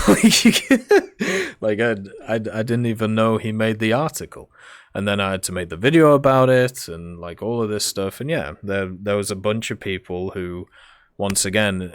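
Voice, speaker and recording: A man's voice: fairly low pitch, no room sound, clean studio sound. A man answering viewer questions in a casual, rambling monologue with many fillers and restarts.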